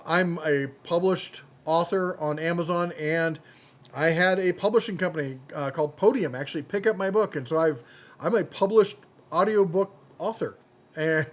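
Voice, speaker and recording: A man hosting a tool deals channel, running through product deals in a chatty, jokey way and often correcting himself mid-sentence. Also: a little high. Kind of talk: casual product deal rundown.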